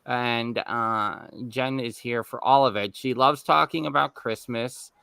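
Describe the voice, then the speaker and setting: Bright-voiced New man chatting. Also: mid-range voice, steady tone, a little slow, gravelly, clear, resonant tone. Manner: rambling, restarts with many fillers. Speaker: podcast co-host. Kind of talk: casual chat.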